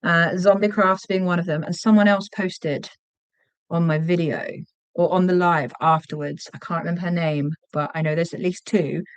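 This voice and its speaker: A woman hosting a casual livestream while she crochets. She chats, gets sidetracked, and counts her stitches out loud. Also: on the low side, steady tone, normal speed, clear, resonant tone, dry recording. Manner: chatty and easily sidetracked, counts stitches aloud. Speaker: livestream host.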